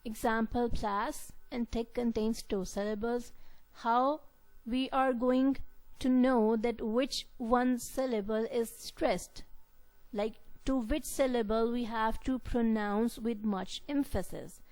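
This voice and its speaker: Woman lecturer, kinda high voice, talks slow, repeats herself a lot, fixes her own slips. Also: steady tone, darkish tone, rough recording. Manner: slow, repetitive explaining with frequent self-corrections. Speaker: English lecturer. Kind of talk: recorded university lecture.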